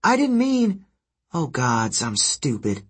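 A man voicing a caring, sympathetic teenage girl who speaks softly and apologetically. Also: medium pitch, measured pace, slightly rough. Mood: concerned. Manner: soft, apologetic.

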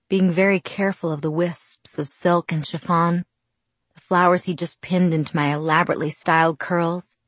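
A woman narrating a first-person novel as an audiobook in a soft, even storytelling voice. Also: fairly low pitch, no echo.

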